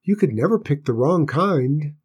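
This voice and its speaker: A man voicing a small, polite boy who works as a stable hand, with a clear but squeaky voice. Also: animated, normal speed, a little mellow. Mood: earnest.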